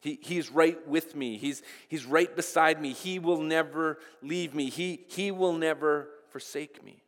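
A man's voice: a little high, unhurried. Earnest preaching man in reverberant hall. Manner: stammering repeats of first words, earnest. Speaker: pastor. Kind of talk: sermon.

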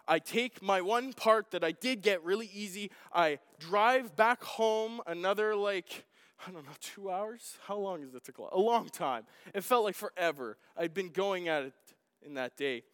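High-voiced preacher man in a reverberant hall. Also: moderate pace, clean tone. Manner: animated, self-deprecating, swings from quiet to loud. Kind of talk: sermon storytelling.

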